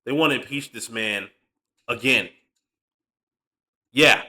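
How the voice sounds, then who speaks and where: A man's voice: medium pitch, moderate pace, pushed and bright. A man hosting a reaction channel, commenting on clips in a laid-back, slangy way.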